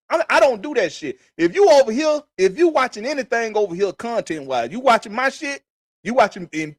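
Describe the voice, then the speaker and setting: A man's voice: high voice, no room sound, clean studio sound. A man hosting a sports podcast, talking heatedly with lots of repetition and swearing. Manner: emphatic, repetitive, swears freely. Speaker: podcast host. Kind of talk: heated casual sports talk.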